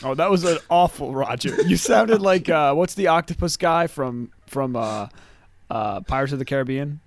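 A man's voice: fairly high pitch, animated. A man co-hosting a podcast, chatting casually, joking and laughing often as he recaps a sitcom episode. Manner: jokey, laughs often, does quick character voices. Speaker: podcast co-host.

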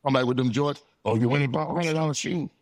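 A middle-aged man from Florida, telling stories in casual interview talk, animated, acting out dialogue and laughing often. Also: medium pitch, fast. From Florida, USA. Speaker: interview guest, retired football player. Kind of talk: casual storytelling.

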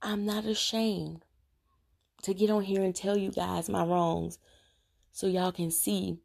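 A woman's voice: mid-range voice, level tone, takes it slowly, creaky, a little mellow. Earnest woman giving a confessional devotional talk. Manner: earnest, preachy, direct address to viewers. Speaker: Christian vlogger sharing her faith journey.

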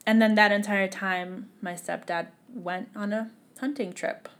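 Speaking as a podcast guest, a young woman shares a hurtful personal experience, her delivery broken by tears and occasional whispers. The pitch stays in the middle range, with a fairly even intonation.

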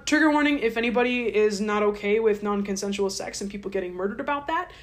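A woman host casually retelling a story in a chatty, irreverent, joking way. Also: medium pitch. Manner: irreverent, chatty, swears lightly. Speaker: podcast host.

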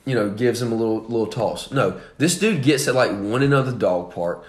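A man's voice: medium pitch, a little fast. A young man hosting a podcast, telling a story in profane, casual chat and laughing often. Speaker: podcast host. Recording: echoey room.

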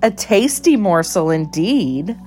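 A crafty old woman rat mutters brisk, dismissive remarks, voiced by a woman reading a storybook. Her tone is sly and busy. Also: on the low side, very animated, a little mellow, slight background noise.

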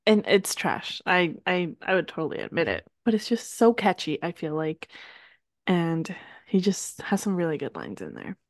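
A woman's voice: fairly low pitch, sing-song, normal speed, no room sound, clean studio sound. A woman co-hosting a podcast in casual chat, talking with lots of "like" and laughing often. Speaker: podcast co-host.

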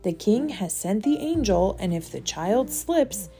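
A woman's voice: medium pitch, big pitch swings, measured pace, dark tone. A woman reading aloud, voicing a kind young woman who speaks reassuringly to a child.

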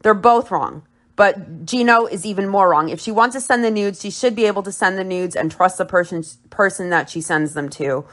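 A woman's voice: mid-range voice, normal speed, fairly bright tone. A woman hosting a podcast, recapping and commenting on a reality show in a blunt, opinionated way and swearing freely. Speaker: podcast host.

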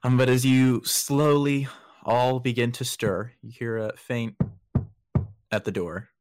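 A man's voice: medium pitch, fairly even intonation, slow, darkish tone, smooth, faint music behind. A young man narrating as dungeon master over a voice call, casual and full of fillers. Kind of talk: narrating a tabletop game over voice chat. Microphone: computer mic on a voice call.

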